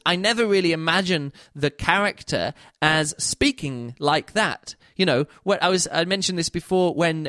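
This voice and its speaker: A man's voice: on the high side, fairly bright tone, dry recording, clean studio sound. Rambling man reviewing a book. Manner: rambling, self-correcting, many restarts. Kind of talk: casual spoken review.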